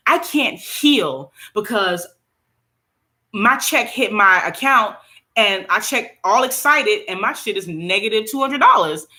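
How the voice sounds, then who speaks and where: A middle-aged woman, venting bluntly in a casual vlog and touring her small apartment on a phone camera. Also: medium pitch. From United States. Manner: venting, blunt, animated, laughs often. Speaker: vlogger. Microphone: phone camera held by speaker.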